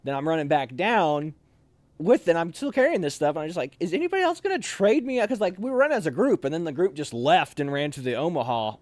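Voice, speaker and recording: This officer candidate speaks fast in a fairly high voice, with no room sound in the recording. Being interviewed casually, he tells a story packed with fillers and animatedly acts out the other people's voices.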